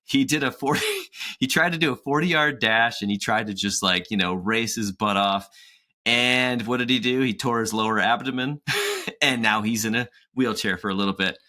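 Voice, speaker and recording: A man's voice: mid-range voice, moderate pace, sharp tone. A man in his forties, co-hosting a podcast in a chatty, casual way, laughing often and acting out quotes. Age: 40s. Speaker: podcast co-host.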